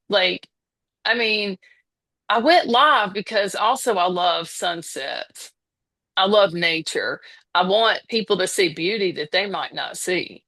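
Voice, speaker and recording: A woman's voice: on the low side, a little slow, pushed and bright. A woman in her fifties with a Southern American accent, talking as a podcast guest in a hesitant way, full of restarts and fillers. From Southern United States. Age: 50s. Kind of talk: casual conversation.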